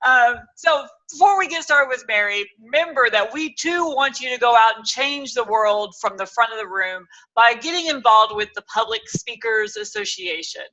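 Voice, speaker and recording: Bubbly lady talk show host, super bright punchy voice, gushes and exclaims a lot. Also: fairly high pitch, animated, normal speed, hardly any pauses, dull audio. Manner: bubbly and gushing, exclaims loudly. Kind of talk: enthusiastic show hosting.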